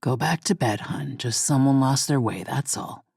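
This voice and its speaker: A woman voicing a gruff rural man, lowered voice. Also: moderate pace, darkish tone, dry recording, clean studio sound, exaggerated voice. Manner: blunt, curt. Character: gruff middle-aged rural man, annoyed homeowner. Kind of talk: audiobook character voice.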